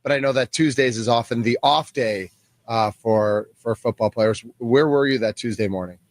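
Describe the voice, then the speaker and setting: A man's voice: mid-range voice, moderate pace. Middle-aged man co-hosting sports radio. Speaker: radio co-host.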